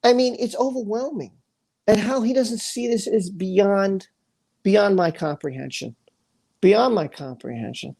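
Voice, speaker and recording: This livestream host, speaking in a high voice with vocal fry and a dark tone, delivers an unhurried but angry rant. He's emphatic and repetitive, regularly fumbling his words.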